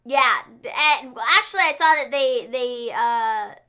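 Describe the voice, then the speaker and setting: Woman co-host, high voice, bright tone, giggly, animated, halting casual chat. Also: clean tone. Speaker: co-host of a wrestling recap show.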